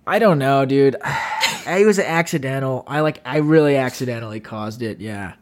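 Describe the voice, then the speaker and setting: At a moderate pace and medium pitch, a podcast co-host rambles through a long anecdote in casual storytelling chat. He stays animated, acting out the people in the story with yelled voices.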